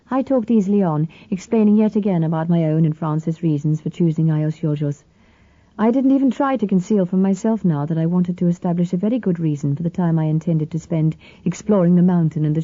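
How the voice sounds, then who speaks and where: Woman reading a novel aloud, low mellow voice, dry dull kinda lo-fi sound. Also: no echo. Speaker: audiobook narrator. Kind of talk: scripted first-person narration. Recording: slightly dull, dry lo-fi recording.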